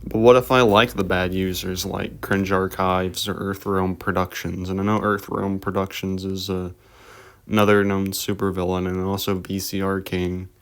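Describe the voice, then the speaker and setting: Low smooth-voiced guy rambling through his reaction video voice-over. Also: flat delivery, moderate pace, fairly bright tone. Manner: rambling, offhand remarks. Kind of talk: casual commentary voice-over.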